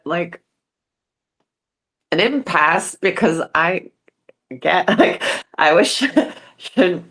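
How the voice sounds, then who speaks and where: A woman talking as a guest on a video call, speaking haltingly and often trailing off. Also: lowish voice, a bit bright. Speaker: guest sharing her story. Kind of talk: emotional video call discussion.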